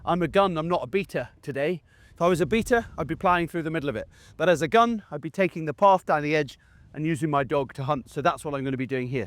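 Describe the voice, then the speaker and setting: A man teaching gundog handling out in a field, his voice sitting a little high. He talks the viewer through each step in a chatty way and breaks off to call short commands to his dog. The sound is dry and close, with no room echo. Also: fast talker, a bit bright. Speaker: gundog trainer. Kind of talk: instructional talk while working a dog in the field. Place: outdoors in a field beside a game crop.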